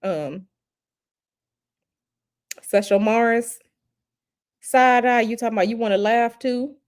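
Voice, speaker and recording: A woman's voice: fairly high pitch, slow, clear, resonant tone. A woman hosting a casual livestream chat at home, reading viewer comments in a teasing, chatty way that hints at gossip and often repeats herself. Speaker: livestream host.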